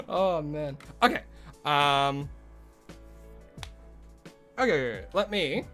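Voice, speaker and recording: A man's voice: fairly high pitch, lively intonation, slow, long pauses, fairly bright tone. A young man chatting casually with his live-stream audience, swearing freely and laughing often. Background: faint music.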